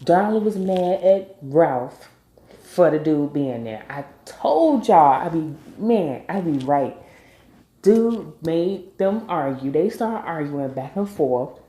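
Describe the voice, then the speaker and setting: A woman's voice: low voice, lively intonation, takes it slowly, dark tone. A woman recapping a TV episode in a casual, emphatic vlog style, bluntly scolding the characters as she goes. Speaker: TV recap vlogger. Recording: echoey room.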